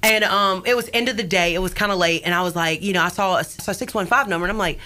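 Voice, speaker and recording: A woman, a country singer telling stories as a guest in a radio interview, animated and full of restarts. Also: mid-range voice. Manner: animated storyteller, halting restarts. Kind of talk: casual radio interview storytelling.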